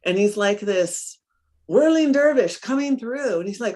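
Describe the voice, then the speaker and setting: A middle-aged woman coach in a casual interview, telling stories with lively acted-out quotes and frequent laughs. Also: mid-range voice, normal speed. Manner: animated storyteller, acts out her own quotes, laughs often.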